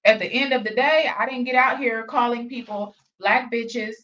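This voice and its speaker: A woman hosts a reaction video from her home office, sassy and mocking as she talks to her viewers. Her voice sits a little high and she is somewhat off-mic. The sound is dull and lo-fi. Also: bright, forceful tone, recorded from a distance. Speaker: reaction channel host. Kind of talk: casual reaction commentary.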